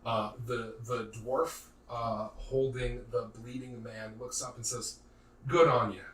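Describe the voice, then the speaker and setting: Man, game master, lively casual narration, far from mic, faint noise. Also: medium pitch, slow pace, echoey room. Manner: lively, casual, uses "like" fillers.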